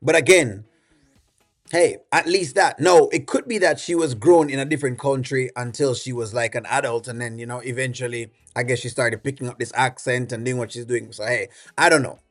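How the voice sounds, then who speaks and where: A man's voice: medium pitch, steady tone, fairly quick. A man with a Jamaican accent hosting a reaction video, giving rambling, opinionated commentary full of fillers. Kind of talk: casual commentary.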